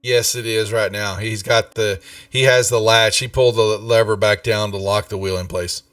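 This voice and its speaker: A man running a tabletop game as game master, talking slowly with many pauses and fillers over a voice call. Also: fairly low pitch, fairly even intonation, a bit bright, no room sound, clean studio sound, distant mic. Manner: slow, halting, many fillers.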